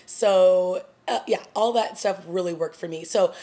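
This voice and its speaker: A woman's voice: lowish voice, measured pace. Chatty woman reviewing a TV episode. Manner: chatty, full of fillers like "you know" and "like"; animated retelling of scenes. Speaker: TV review vlogger. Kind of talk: casual solo TV episode review.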